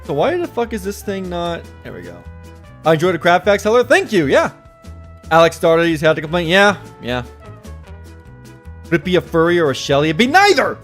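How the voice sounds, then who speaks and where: A young man hosting a casual live stream, excitable, swearing a lot and laughing often. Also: fairly high pitch, moderate pace, pauses often, faint music behind.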